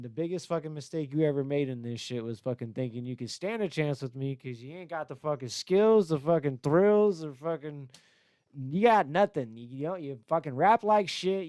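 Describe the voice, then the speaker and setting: A man's voice: fairly high pitch, darkish tone, smooth, no room sound. A young man hosting a podcast, ranting about a rival with constant swearing and mocking put-on voices. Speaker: podcast host and battle rapper. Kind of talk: profane, ranting podcast talk.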